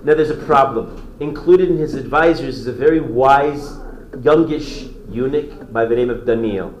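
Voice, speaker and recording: A man teaching a lively, conversational storytelling class who quizzes his listeners as he goes. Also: mid-range voice, normal speed, roomy sound, rough recording. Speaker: Torah teacher.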